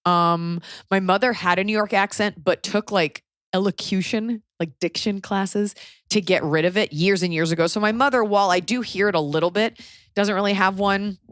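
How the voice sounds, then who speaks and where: A woman's voice: medium pitch, normal speed, no room sound, clean studio sound. A woman from Texas with a light Texan accent, hosting a podcast in casual, rambling chat full of fillers. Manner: chatty, lots of likes and fillers. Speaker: podcast host.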